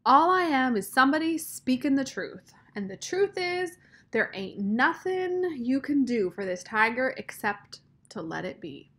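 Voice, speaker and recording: A woman's voice: high voice, big pitch swings, unhurried, a bit bright, voice pushed up, exaggerated voice. A woman voicing a plainspoken older woman who talks in folksy dialect and sets others straight firmly. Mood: stern. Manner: folksy dialect, firm and matter-of-fact.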